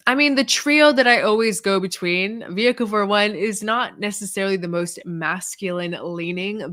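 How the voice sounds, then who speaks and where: A woman hosts a laid-back livestream, answering viewer questions one after another. She talks in a loose, rambling way, stacking "like" and "um" as she thinks aloud. Her voice sits a little low and sounds close and dry, with almost no room around it. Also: fairly bright tone, no echo. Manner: chatty, filler-heavy, lots of "like" and "um". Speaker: fragrance reviewer hosting a livestream. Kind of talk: casual livestream Q&A answering chat.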